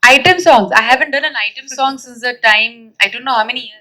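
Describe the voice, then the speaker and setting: A woman's voice: high-pitched, brisk, low-quality recording. A woman, chatting casually in a press interview and telling stories with lots of fillers. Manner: chatty, animated storytelling with fillers and laughs. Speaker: actress at a film press event.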